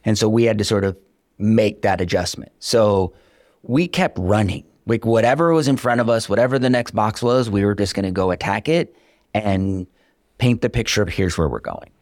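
A man's voice: fairly low pitch, normal speed, no echo, clean studio sound. A man being interviewed as a startup founder, telling his story candidly and with energy, acting out the conversations he recounts. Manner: energetic, candid, self-deprecating, acts out quoted dialogue. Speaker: startup founder, podcast guest.

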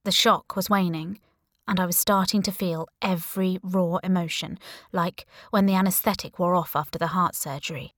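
A woman narrating a first-person thriller audiobook, with wry, even storytelling on a close studio mic. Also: lowish voice, normal speed, no echo.

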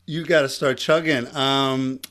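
A man with a Long Island accent hosting a casual, energetic podcast conversation. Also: mid-range voice, measured pace. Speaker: podcast host.

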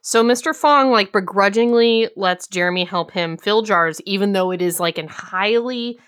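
A woman's voice: mid-range voice, moderate pace, a bit bright, clean tone. A woman co-hosting a casual book chat, summing up the plot with a wry, dry humor. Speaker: podcast co-host.

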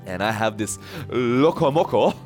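A man's voice: mid-range voice, lively intonation, unhurried, darkish tone, soft background music. A man preaching a sermon, retelling a story with frequent chuckles. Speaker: pastor.

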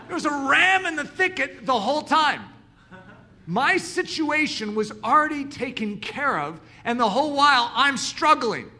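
A man's voice: very high voice, moderate pace. A man preaching a sermon, telling stories and acting out the voices of the people in them. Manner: animated storytelling, acts out dialogue.

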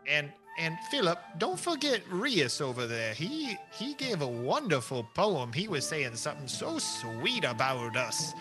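A man voicing a chatty, folksy adventurer with a put-on accent and homespun turns of phrase, in a high, bright voice. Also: huge pitch swings, a little slow, hardly any pauses, faint music behind, exaggerated voice. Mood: admiring. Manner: homespun turns of phrase, rambling and warm-hearted.

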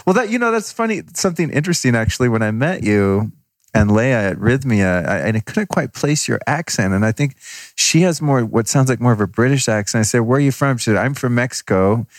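A man hosting a podcast, chatting casually with a guest and acting out his own past remarks in lively storytelling. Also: mid-range voice, fairly quick, no room sound. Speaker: podcast host. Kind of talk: casual interview chat. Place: on location at a resort.

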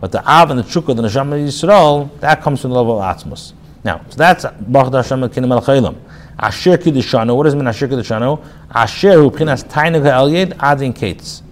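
A rabbi giving a casual spoken class, reading phrases aloud and then explaining them in plain talk, with restarts and fillers. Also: male voice, medium pitch, expressive, fast. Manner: reads Hebrew phrases then paraphrases them in English; frequent restarts and filler, conversational. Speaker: rabbi teaching a text class.

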